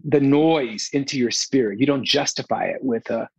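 Gravelly, husky man talking frankly. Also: medium pitch, moderate pace, darkish tone, dull audio. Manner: emotional, frank, many restarts and repeats. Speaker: film director, guest. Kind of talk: candid casual interview talk.

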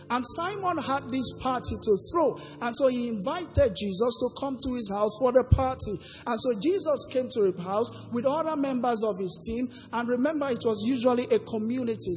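A woman's voice: on the high side, darkish tone. A woman preacher delivering a sermon, asking the congregation questions for them to answer and lilting some phrases in a sing-song way. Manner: call-and-response questions to the congregation. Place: church hall. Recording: long hall reverb with faint music.

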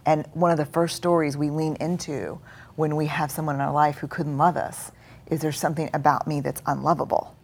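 A woman's voice: sits low, flat delivery, a little fast, a little mellow. A middle-aged woman speaking earnestly as a guest in a live on-stage conversation, acting out inner voices as she goes. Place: stage before a live audience.

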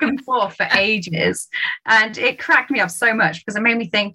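A British woman chatting as a guest on a podcast, animated and laughing often, with a lot of high-pitched jumps when she quotes people. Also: brisk. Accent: British English. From United Kingdom. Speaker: podcast guest, sales trainer. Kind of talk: casual podcast chat.

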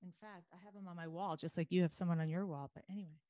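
A woman from New York with a lower voice, speaking as a podcast guest in a chatty, frank way with casual swearing. The recording is dry and close. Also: steady tone, racing, mellow, no echo. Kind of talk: casual interview chat.

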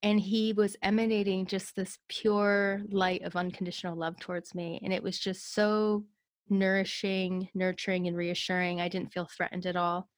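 A woman's voice: medium pitch, flat delivery, moderate pace, dry recording. A woman telling a personal story as an interview guest, recounting it earnestly and in close detail.

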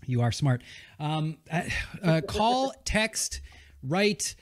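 A man's voice: on the high side, very animated, very slow, dry recording, clean studio sound. A man hosting a podcast, joking and friendly as he signs off the show. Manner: jokey, friendly sign-off banter. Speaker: podcast host. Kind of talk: casual podcast chat.

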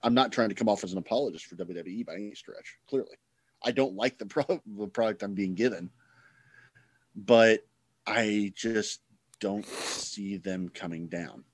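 Podcast co-host, male, lowish voice, rambling and gloomy, dry mic. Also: normal speed, no echo. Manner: rambling, self-interrupting, gloomy. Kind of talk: casual chat.

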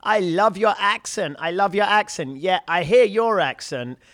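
A man's voice: high-pitched, measured pace, a bit bright, no echo, studio quality. A man hosting a podcast interview, upbeat and casual, calling his guest "man" and swearing freely. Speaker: podcast host.

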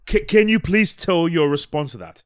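Lively, higher-voiced man on a dry mic. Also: normal speed. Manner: teasing, animated, stumbles on words. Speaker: podcast co-host. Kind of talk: casual chat.

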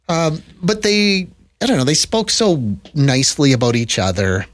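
A man from Canada co-hosting a podcast in casual chat, animated and laughing often. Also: fairly high pitch, unhurried. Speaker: podcast co-host.

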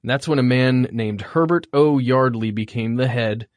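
A man co-hosting a casual podcast, jokey and relaxed, laying out history matter-of-factly. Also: mid-range voice, moderate pace, dry recording. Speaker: podcast co-host.

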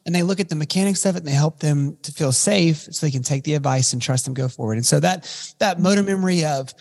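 Guy cohosting a podcast, kinda husky and a bit high, rambles and restarts a lot, long reverb on it. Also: a little fast, a little mellow. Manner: rambling, with frequent restarts and fillers. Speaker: podcast co-host. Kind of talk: casual podcast conversation.

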